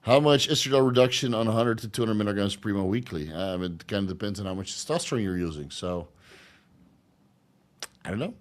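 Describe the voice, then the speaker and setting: A man hosting a casual livestream Q&A, rambling and crude, laughing often and filling pauses with ums and uhs. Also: fairly low pitch, expressive. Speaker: channel host answering live chat questions.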